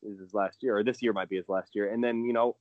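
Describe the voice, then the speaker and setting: A man's voice: lowish voice, fairly even intonation, fast talker, dry recording. Enthusiastic man on dull dry audio. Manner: enthusiastic, rambling with restarts. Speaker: prospect analyst guest. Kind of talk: casual podcast chat.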